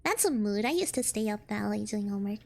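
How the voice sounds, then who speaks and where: A woman's voice: mid-range voice, animated, quick pace, vocal fry, darkish tone. A woman streaming a horror game, chatty and jumpy, laughing nervously when scared. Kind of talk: horror game let's play.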